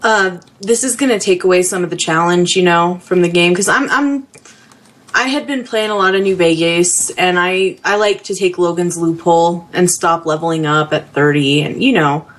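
A woman co-hosting a podcast, calmly going over points in a casual gaming chat. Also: fairly low pitch, moderate pace. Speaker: podcast co-host.

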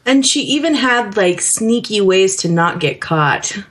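A woman co-hosting a casual podcast chat about a video game, animated and laughing often, acting out characters. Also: medium pitch, unhurried. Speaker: podcast co-host.

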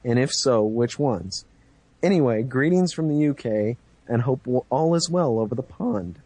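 A man's voice: medium pitch, animated, moderate pace, dark tone, husky, no echo. A man co-hosting a gaming podcast, joking and teasing in casual chat. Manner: teasing, laughing often. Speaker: podcast co-host.

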